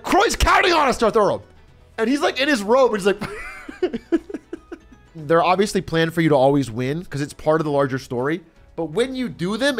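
Male streamer, high-pitched and very lively, swears and laughs through casual storytelling. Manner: animated, laughing, swearing often.

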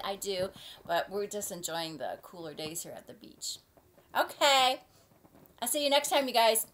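A woman's voice: mid-range voice, fairly bright tone. Middle-aged lady rambling on her vlog, lots of ums and restarts, casual chatty talk. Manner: rambling, halting, with many fillers and restarts. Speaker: vlogger. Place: at home near the beach.

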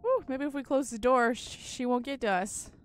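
A woman's voice: high voice, normal speed, slight background noise. A young woman commenting on a horror game as she plays, easily spooked, shrieking, swearing and laughing nervously. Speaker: gaming video host.

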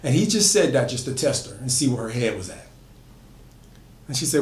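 A man's voice: medium pitch, sing-song, brisk, pauses often. A man retelling a horror story in a loose, conversational way, with frequent fillers and restarts. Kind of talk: casual spoken horror storytelling. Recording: echoey room.

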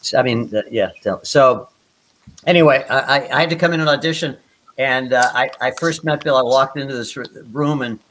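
On a video call, an older guest performer tells rambling anecdotes full of restarts and laughs at his own stories. His voice is mid-range, brisk, and a bit bright, with slight background noise.

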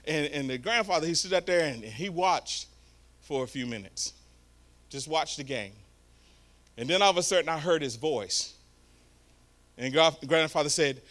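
Brief: male pastor, animated sermon delivery, bright and lively. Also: fairly high pitch, normal speed, pauses often. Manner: animated storytelling preacher.

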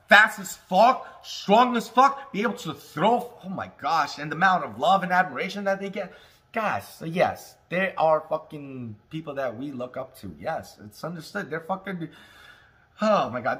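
A man from Alaska ranting casually on his cannabis vlog, swearing constantly and shouting when he gets heated. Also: fairly high pitch. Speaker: cannabis vlogger. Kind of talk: casual profane rant. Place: home, indoors.

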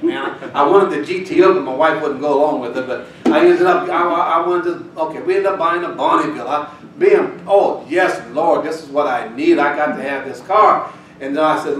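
A man preaching a sermon, telling a folksy personal story before building to loud, shouted scripture reading. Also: on the high side. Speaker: pastor. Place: church sanctuary. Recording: echoey church hall, distant mic. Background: congregation responses, room ambience.

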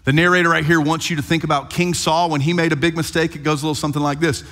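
A male pastor preaching an animated sermon and retelling scripture playfully. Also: fairly high pitch, very fast. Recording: long hall reverb.

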